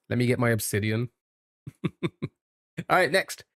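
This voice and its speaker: A man's voice: mid-range voice, expressive, measured pace, a bit bright, no room sound, clean studio sound. A man from the United Kingdom, streaming and chatting casually, thinking aloud while he guesses and jokes with his chat. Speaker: live streamer.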